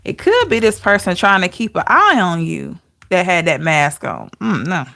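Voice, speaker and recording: A woman giving a casual tarot reading to camera, talking in an expressive, chatty way with rhetorical questions. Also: fairly low pitch, moderate pace, gravelly. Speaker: tarot reader.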